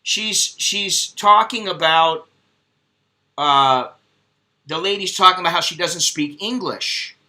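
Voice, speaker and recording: American man, vlogger, casual monologue, profane, slightly high voice. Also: slow pace, bright, forceful tone. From United States. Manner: blunt, profane, ranting. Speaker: expat vlogger.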